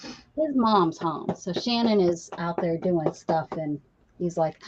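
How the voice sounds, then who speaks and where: A woman hosting a casual craft livestream, chatty and animated, greeting viewers by name. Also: on the low side, measured pace, dull audio, a little hiss or hum.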